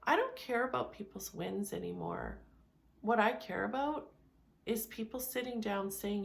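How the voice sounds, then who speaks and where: Frank, gravelly-voiced woman speaker. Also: mid-range voice, lively intonation, a little slow. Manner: frank, conversational, restarts and repeats words. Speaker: self-help speaker. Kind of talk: candid motivational talk.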